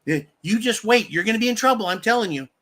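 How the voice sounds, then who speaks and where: A man's voice: sits high, lively intonation, quick pace, a bit bright, pitched above the performer's own voice. A man mimicking a nagging mother making empty threats. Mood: scolding. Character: nagging mother scolding an unruly child.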